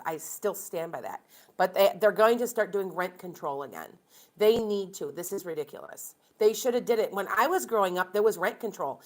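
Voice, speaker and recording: A woman's voice: mid-range voice, fairly bright tone. A woman from Wisconsin, a tarot reader and medium, chatting casually and rambling through opinions to viewers on a live stream.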